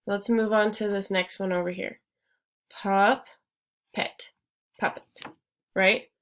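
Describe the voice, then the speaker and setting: Slow, encouraging woman teaching phonics. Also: mid-range voice, fairly even intonation, fairly bright tone. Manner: encouraging, repeats words slowly and syllable by syllable. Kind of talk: classroom phonics lesson.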